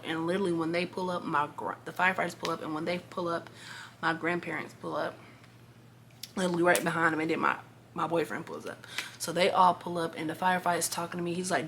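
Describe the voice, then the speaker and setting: An eighteen-year-old woman telling a story to camera in a casual, animated vlog, full of slang and emphasis. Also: on the low side, fast, slight background noise. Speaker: vlogger.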